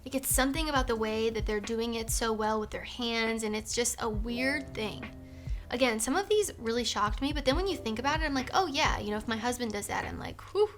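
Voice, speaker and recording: A woman with a slightly high voice chats casually to the camera in a playful, chatty way. Faint music runs behind her. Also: fairly quick. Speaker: woman sharing her views in a clip.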